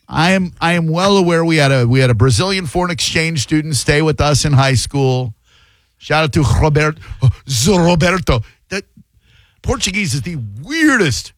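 A man's voice: fairly high pitch, fairly bright tone, no echo. A man hosting a call-in radio talk show, riffing in loose, slangy banter. The sound is close and dry, with no room around it. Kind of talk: casual call-in radio chat.

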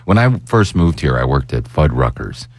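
A man from Northern Pennsylvania hosts the conversation in a very deep voice. He is chatty and jokes as he tells his stories. The recording is dry and close. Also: very animated, moderate pace, no room sound. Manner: chatty, jokey storyteller. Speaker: podcast host. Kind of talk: casual interview chat.

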